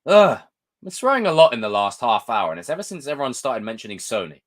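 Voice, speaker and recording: Sweary, animated man ranting. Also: mid-range voice, quick pace. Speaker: live-stream host. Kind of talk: casual live-stream rant.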